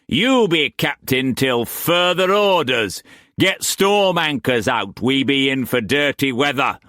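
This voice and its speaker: A furious, bellowing old sea captain, shouting in a rough country dialect. The voice is pushed high and strained with anger. It sounds dry and close to the microphone. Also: male voice, animated, slow pace, no room sound. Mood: raging. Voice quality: loud rough dialect, roaring.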